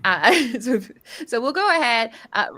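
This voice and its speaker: A woman's voice: fairly high pitch, big pitch swings, unhurried, sharp tone. A woman casting a live card game tournament, chatty and jokey, rambling through player intros and stories. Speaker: caster. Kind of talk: live game commentary banter.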